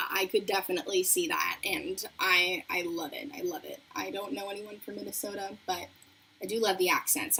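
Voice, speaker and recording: A chatty young woman hosts a beauty livestream, reading comments aloud while doing her makeup. Her voice is slightly husky and jumps around a lot in pitch, and she sounds bubbly and easily distracted. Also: fairly bright tone. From not from New York.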